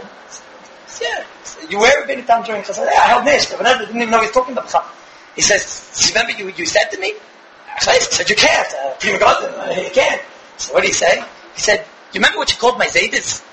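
A man giving a Torah talk, telling a story in an animated, digressive way and acting out the quotes. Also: high voice, echoey room, background noise. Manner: animated, digressive, often restarts and acts out quotes. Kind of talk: Yiddish-flavored Torah lecture, storytelling. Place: synagogue or study hall.

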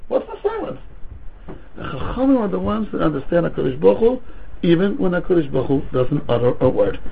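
High, husky-voiced man teaching Talmud. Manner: animated, mixes Hebrew and Yiddish terms into English. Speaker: rabbi teaching a Talmud class. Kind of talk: lecture with rhetorical questions and stories. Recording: tinny phone-like recording.

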